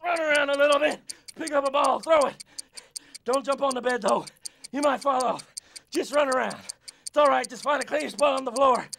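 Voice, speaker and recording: An actor playing a goofy, hyper male sports coach who loudly leads kids through a workout in an educational video. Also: extremely high pitch, moderate pace, vocal fry, long pauses, full character voice. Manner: loud, pep-talking, bossy and playful. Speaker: fitness coach.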